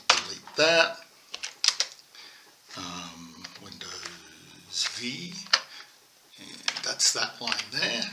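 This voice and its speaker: A man's voice: sits low, very noisy. An older man teaching a coding lesson over a screen recording, thinking aloud and correcting himself as he types. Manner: thinking aloud while typing, self-correcting. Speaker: instructor. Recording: echoey room, faint keyboard clicks.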